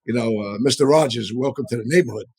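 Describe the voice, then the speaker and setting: Husky man, dry close sound, rambling storyteller with restarts, casual and profane. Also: mid-range voice, fast, darkish tone, no echo, low-quality recording. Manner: rambling, frequent restarts and asides. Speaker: podcast co-host and storyteller. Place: live audience show.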